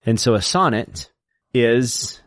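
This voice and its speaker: A man's voice: mid-range voice, big pitch swings, slow pace, a bit bright, no echo, clean studio sound. A man who teaches, explaining things step by step as a podcast co-host in casual chat.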